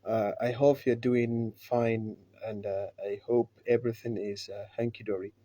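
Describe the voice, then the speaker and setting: A man teaching pronunciation in a live class, speaking slowly and repeating each word with many fillers. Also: medium pitch, level tone, dark tone, dry recording. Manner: slow and deliberate, repeats words, many "uh" fillers. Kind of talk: live online pronunciation lesson.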